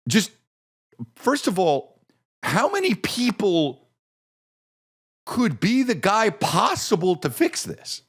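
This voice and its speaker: A middle-aged man hosting a podcast, telling a comedic story with lots of swearing and acted-out voices. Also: high voice. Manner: animated, swearing, acts out voices in his story. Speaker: podcast host.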